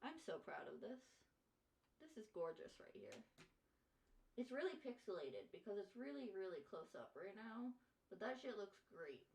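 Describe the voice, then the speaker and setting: A young woman with a slight Southern accent chatting casually on a live art stream, tired, rambling and profane, swinging from loud bursts to mumbled asides. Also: medium pitch, big pitch swings, normal speed, gravelly, roomy sound.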